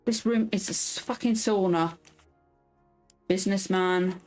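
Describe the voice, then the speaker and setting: A woman's voice: medium pitch, a little slow, darkish tone, faint music behind. Chatty, swearing woman streamer. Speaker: gameplay streamer. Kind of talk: casual let's-play commentary. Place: warm room at home. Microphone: headphones and headset mic.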